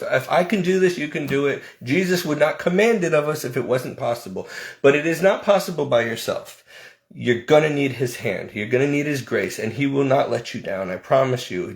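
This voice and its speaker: A man giving an earnest, pleading personal testimony to his viewers, halting and restarting, with nervous laughs. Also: mid-range voice, roomy sound. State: close to tears at moments. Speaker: online preacher giving testimony.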